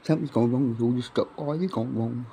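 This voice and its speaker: A man's voice: mid-range voice, fast talker, dark tone, a little hiss or hum. A man freestyle rapping, repeating questions and lines, profane and loose.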